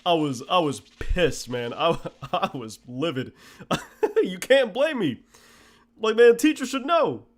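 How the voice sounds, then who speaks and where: A man streaming games, chatting casually and telling stories in a blunt, animated way. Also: high-pitched, takes it slowly. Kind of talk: casual gameplay commentary.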